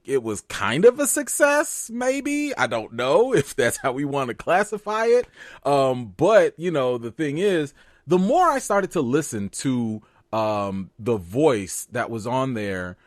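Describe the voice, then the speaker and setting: An animated man hosts a casual TV recap, breaking into excitable, joking asides. His pitch swings widely and sits a little high. The sound is dry and close. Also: no room sound. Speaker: show recap host.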